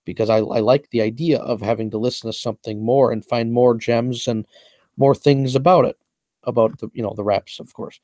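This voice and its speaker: A man's voice: medium pitch, fairly even intonation, brisk, mellow, no echo. A young man breaking down his own rap lyrics in a casual monologue, boastful and repetitive, going over each point at length.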